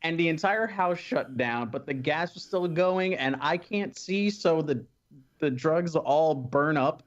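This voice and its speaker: Male podcast guest; relaxed storyteller, slightly high voice, dull remote audio. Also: a little slow. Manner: laid-back storyteller, chuckles through his stories. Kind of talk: casual gaming podcast chat.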